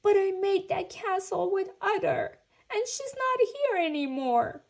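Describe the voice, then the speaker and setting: A woman voicing a grumpy young boy turtle in a storybook, with loud whiny outbursts. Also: extremely high pitch, very animated, measured pace, voice pushed up, exaggerated voice. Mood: sobbing.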